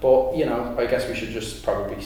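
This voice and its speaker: A man's voice: medium pitch, fairly even intonation, a little fast, warm tone. Young guy on a podcast, rambly, lots of ums, echoey room, faint hum. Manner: rambling, laughs often, lots of fillers. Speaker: podcast co-host. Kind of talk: casual chat. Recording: echoey room, mic at a distance.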